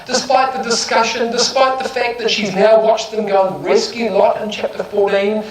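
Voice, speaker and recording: A man's voice: sits high, little pitch movement, moderate pace, over a noisy crowd. A man giving a Bible exposition talk, asking rhetorical questions and reading verses with stress. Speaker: Bible speaker. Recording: echoey room with loud air-conditioning hum.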